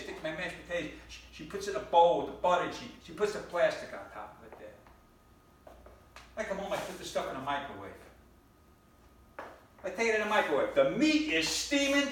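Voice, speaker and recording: A middle-aged stand-up comedian with a high, lively voice swings up and down as he tells an exasperated story and stammers over repeated words. He is picked up from far off in a very echoey room. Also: slight background noise. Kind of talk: stand-up routine.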